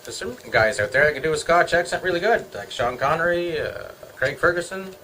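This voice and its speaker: A man's voice: fairly high pitch, animated, a little fast, bright, forceful tone, a little hiss or hum, poor audio. A middle-aged Canadian man chatting casually at home, joking and wandering from topic to topic. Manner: joking, meandering, talks to himself. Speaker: vlogger. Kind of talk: casual rambling chat.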